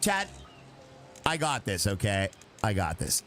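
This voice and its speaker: A man's voice: on the low side, very animated, unhurried, a bit bright, faint music behind. A man playfully chatting with his viewers while streaming a building game, joking as he plays. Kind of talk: casual live game commentary.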